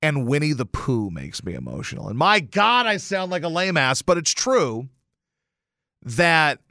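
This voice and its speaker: A man's voice: on the high side, big pitch swings, unhurried, gravelly, pushed and bright, no room sound, studio quality. A man hosting a radio show, telling a rambling, self-deprecating story in a casual monologue, with some swearing. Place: radio station studio.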